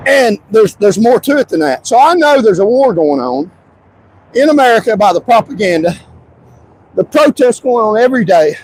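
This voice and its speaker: A man talking on a livestream in an insistent, repetitive way, stretching out key words and sometimes shouting. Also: high voice, very animated, normal speed, slight background noise, rough recording. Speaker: livestream commentator. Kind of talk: emphatic livestream monologue.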